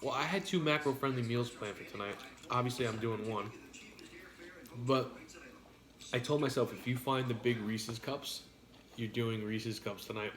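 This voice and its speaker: A man's voice: medium pitch, normal speed, pauses often, a crowd in the background. A man chatting casually and crudely while eating on a food stream, teasing his partner. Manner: joking, crude, banters with partner. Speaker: mukbang streamer. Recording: echoey room.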